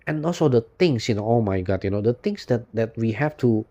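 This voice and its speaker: A man talking in an unscripted monologue for his channel, rambling and weary, filling every pause with "you know" and swearing often. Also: medium pitch, animated, dark tone, dull audio. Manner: weary, despondent and emotional. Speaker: YouTube channel host.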